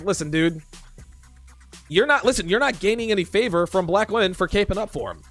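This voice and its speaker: A man's voice: sits high, quick pace, fairly bright tone, soft background music. A man hosting a dating commentary show, ranting in exasperation at viewer comments with profane sarcasm.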